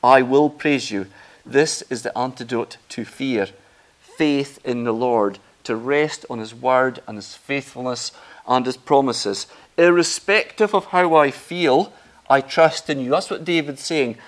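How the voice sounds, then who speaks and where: A man preaching a sermon, earnest and emphatic, rising in pitch and volume on key phrases. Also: measured pace.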